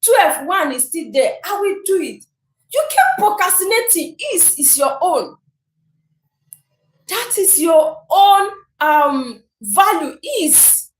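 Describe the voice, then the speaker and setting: A woman giving a motivational talk to viewers, animated and acting out the people she describes. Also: very high-pitched, takes it slowly. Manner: animated, acts out imagined people. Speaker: motivational speaker. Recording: roomy echo.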